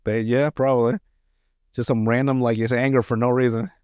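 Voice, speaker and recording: A man's voice: medium pitch, little pitch movement, brisk, darkish tone, clean tone, no room sound. A man hosting a podcast, telling sketch stories in a rambling, profane, chuckling way. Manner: rambling, profane, laughing storyteller. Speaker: podcast host. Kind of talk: casual chat, recapping comedy sketches.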